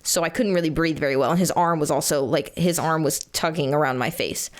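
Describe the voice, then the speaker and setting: Podcast co-host, young adult woman, slightly low voice, animated storyteller who swears freely. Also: a little fast. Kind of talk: casual storytelling chat.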